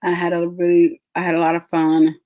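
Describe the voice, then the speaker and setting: A woman's voice: fairly low pitch, monotone, brisk, dark tone. A woman, a podcast host telling a story in casual, chatty talk straight to her listeners. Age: 30s. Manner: chatty, addresses listeners as y'all.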